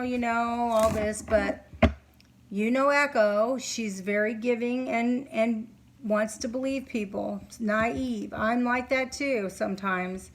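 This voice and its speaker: A middle-aged woman talking to camera at home as a psychic reader, earnest and halting, sleepy and yawning. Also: a little high, steady tone, slight background noise, rough recording. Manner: earnest, halting, many fillers. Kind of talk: casual monologue to camera. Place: home, candles lit.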